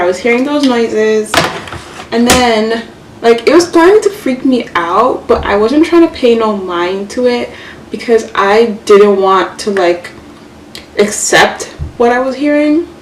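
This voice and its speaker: A young woman vlogger telling a story casually while doing her makeup, chatty and animated, full of fillers and swearing. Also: fairly high pitch, measured pace. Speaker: beauty vlogger. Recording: echoey room, mic far off, faint hiss.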